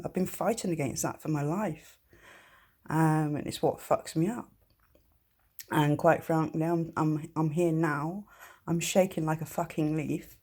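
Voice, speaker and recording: A woman speaking straight to one person in a personal vlog, halting, with many ums and restarts, blunt and swearing freely. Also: fairly low pitch, a little mellow, husky. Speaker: vlogger.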